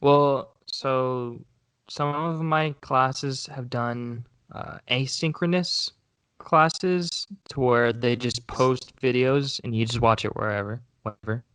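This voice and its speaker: A young man co-hosting a casual podcast, talking in a loose, rambling way with frequent restarts. His voice is smooth and resonant, recorded close and dry with no room echo. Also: mid-range voice, steady tone, slow pace, fairly bright tone. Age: young adult. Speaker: co-host.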